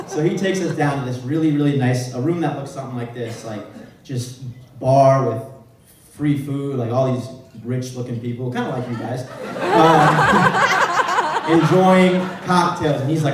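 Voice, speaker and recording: A man's voice: medium pitch, normal speed. Young man telling a story in an echoey hall. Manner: animated, laughing storyteller. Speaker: speaker at a celebration event. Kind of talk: storytelling speech. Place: large echoey event room. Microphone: far from the mic. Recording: roomy echo, distant mic, faint room noise.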